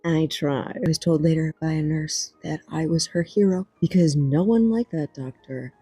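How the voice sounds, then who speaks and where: A young woman telling personal stories in a soft-spoken, wry ASMR storytelling style. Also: deep voice, moderate pace, slightly rough, no echo, soft background music, low-quality recording.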